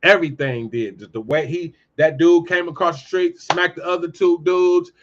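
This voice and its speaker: A man hosting his own show, giving a heated, profane commentary monologue and telling animated stories. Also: fairly high pitch, moderate pace, dull audio, slight background noise. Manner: profane, ranting, animated storytelling. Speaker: podcast host.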